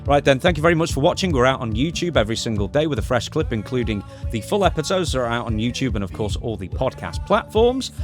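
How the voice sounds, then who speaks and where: Lively dry-witted male co-host. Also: mid-range voice, fast, hardly any pauses, soft background music. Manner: dry, teasing. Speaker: podcast co-host. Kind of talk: casual podcast chat.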